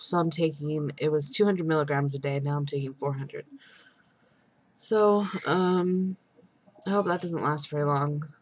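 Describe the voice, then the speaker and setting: An exhausted young woman speaks in a low, husky voice. She gives a casual video update to her viewers. Her talk rambles with frequent pauses and fillers, and frustration runs through it. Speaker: vlogger.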